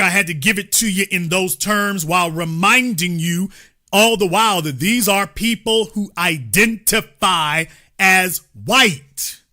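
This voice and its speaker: A man's voice: sits high, pushed and bright. A man hosting a political commentary show, lecturing his audience emphatically and repeating his key points.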